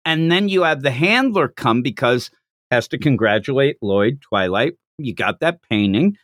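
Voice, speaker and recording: A man hosting a podcast, casually recapping a manga chapter in a jokey, animated way. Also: mid-range voice, no room sound, studio quality. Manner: animated, jokey retelling with quick acted quotes. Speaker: podcast host.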